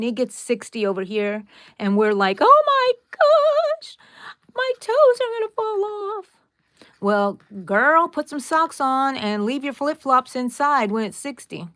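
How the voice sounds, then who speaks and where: A woman's voice: medium pitch, no echo. A woman with a Texan accent hosting a live crochet tutorial, chatting casually and directly with her viewers with rambling asides. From Texas, USA. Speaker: crochet livestream host.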